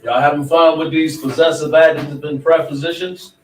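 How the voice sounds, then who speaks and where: A man's voice: a little high, steady tone, brisk, slight background noise. A man teaching a class, preaching emphatically and quizzing his students. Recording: echoey room, mic far off.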